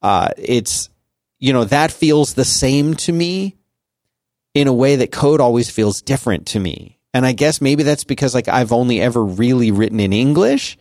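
A man's voice: medium pitch, expressive, normal speed, darkish tone, no echo, studio quality. A man in his forties chatting casually on a podcast, rambling with many restarts and fillers. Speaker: podcast co-host. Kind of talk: casual conversational chat.

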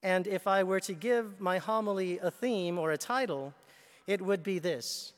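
A man preaching a sermon as a priest, slow and measured, telling a story as he goes. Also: high-pitched. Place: church. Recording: reverberant church hall. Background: long hall reverb.

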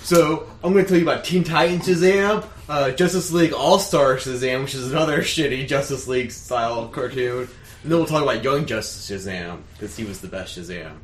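A man's voice: mid-range voice, fairly quick, echoey room, a little hiss or hum. A man co-hosting a casual chat show, animatedly retelling cartoon scenes with lots of laughter. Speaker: podcast co-host.

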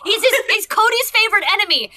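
A woman playing a tabletop game, telling a quick chatty story between turns. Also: very high voice, animated, sharp tone. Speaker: player. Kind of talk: casual chat at a game table.

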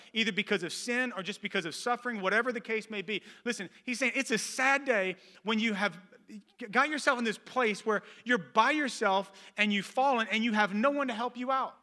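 High-voiced, bright preaching pastor in his 30s. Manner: animated preaching that swings between loud emphatic calls and soft low asides. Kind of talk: sermon.

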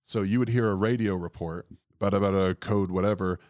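A man's voice: deep voice, steady tone, a little fast, darkish tone, no echo, studio quality. A young man from New Orleans telling stories in a casual chat, wry and rambling, often laughing at his own tales.

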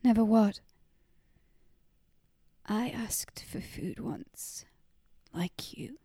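A woman's voice: on the high side, slow, gravelly, dark tone, dry recording, exaggerated voice. A woman voicing a bitter, starving young girl in a whispered role-play.

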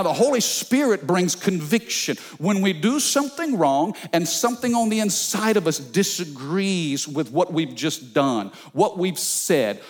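A male pastor preaching a sermon, telling stories in an animated way and calling out to the congregation. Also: sits high. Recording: long church reverb.

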